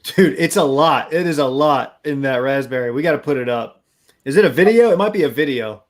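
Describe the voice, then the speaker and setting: Higher-voiced man ribbing his co-hosts. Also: lively intonation, a little fast. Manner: joking, ribbing the others. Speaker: co-host. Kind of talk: casual banter between friends.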